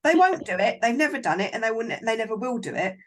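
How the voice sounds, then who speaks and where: A woman's voice: a little high, animated, fast. A woman filmmaker, a guest in a casual interview, talking in a frank, encouraging and emphatic way over a video call.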